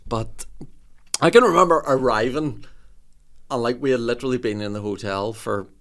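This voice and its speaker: A man's voice: mid-range voice, moderate pace, fairly bright tone. A man, telling a story in casual podcast chat.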